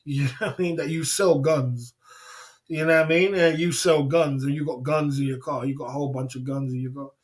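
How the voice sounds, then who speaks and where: British guy chatting on his livestream, fairly high voice, rambles and laughs a lot, keeps going "you know what i'm saying". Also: steady tone, brisk. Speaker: livestream host. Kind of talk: casual livestream storytelling.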